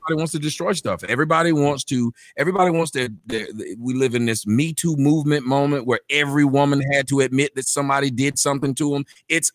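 A man who is a podcast guest, speaking emphatically in quick bursts and often repeating words. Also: on the high side, a bit bright, dry recording, clean studio sound. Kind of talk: conversational interview.

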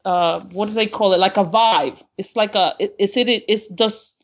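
A woman calling in from Honduras, excitable and rambling, laughing often and acting out conversations. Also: medium pitch, normal speed. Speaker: caller. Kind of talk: casual call-in conversation.

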